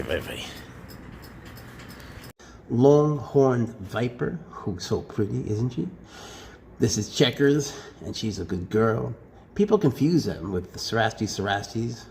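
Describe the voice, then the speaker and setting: A man who keeps snakes, talking casually and fondly about them, slipping into doting baby talk and soft whispers. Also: on the low side. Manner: drops to soft whispers at times. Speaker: snake keeper. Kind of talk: casual talk to camera while handling snakes. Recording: faint background noise.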